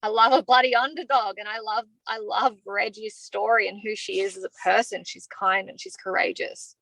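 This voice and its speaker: A woman's voice: medium pitch, fairly even intonation, normal speed, vocal fry, fairly bright tone, no echo, rough recording. An Australian woman answering interview questions openly and from the heart, talking freely about how she feels. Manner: open and heartfelt, talks freely about feelings. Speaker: evicted reality show contestant.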